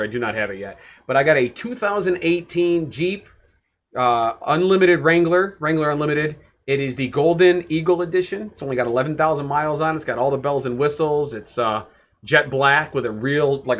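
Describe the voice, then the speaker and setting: A middle-aged man co-hosting a podcast in casual, jokey, rambling chat. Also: medium pitch. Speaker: podcast co-host.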